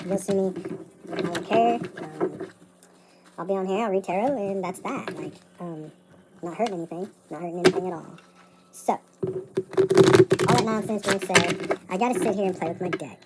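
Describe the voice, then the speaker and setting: A woman's voice: mid-range voice, normal speed, pauses often. Rambling woman tarot reader, noisy room. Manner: chatty, self-interrupting, loose and unpolished. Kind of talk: rambling casual vlog. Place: table at home late at night.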